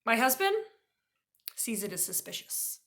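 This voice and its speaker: Woman explaining behavior stuff, talky, bright kinda sharp voice, sits a bit high, lots of "right?". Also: measured pace. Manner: chatty, peppers talk with "right?"; lively storyteller who acts out quoted voices. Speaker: behavior educator. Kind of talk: casual teaching talk to camera.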